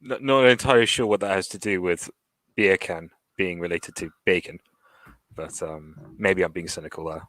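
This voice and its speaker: A young man guesting on a casual political chat, wry and quick to laugh. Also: sits low, steady tone, a bit bright, rough recording. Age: young adult.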